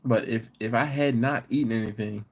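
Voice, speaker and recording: A man's voice: mid-range voice, brisk. A man from the United States hosting a live barbecue stream, chatting casually, reading out viewer comments and telling rambling stories. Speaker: host of a live barbecue channel.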